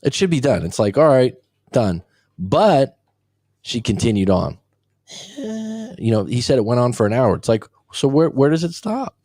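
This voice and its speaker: A man hosting a relationship coaching talk show in casual chat, telling stories with lively acted-out quotes and casual swearing. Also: medium pitch, moderate pace, pauses often, no room sound, studio quality. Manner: animated storyteller who acts out quotes, swears casually.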